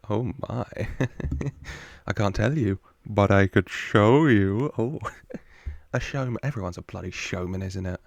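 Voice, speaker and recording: A man's voice: lowish voice, takes it slowly, vocal fry. A man hosting a casual film reaction, chatty, joking with the screen and laughing often. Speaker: reaction video host.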